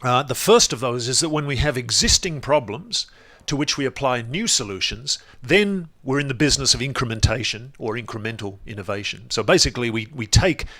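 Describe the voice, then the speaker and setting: A man giving a relaxed, explanatory lecture in front of a presentation screen, with frequent restarts. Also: medium pitch, fairly quick.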